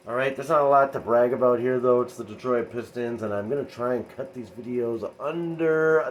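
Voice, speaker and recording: A man's voice: mid-range voice, normal speed, hardly any pauses, slight background noise, low-quality recording. A man doing a casual, rambling basketball recap for his vlog, talking straight to his viewers. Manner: rambling, animated, talks to viewers. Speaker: sports fan vlogger.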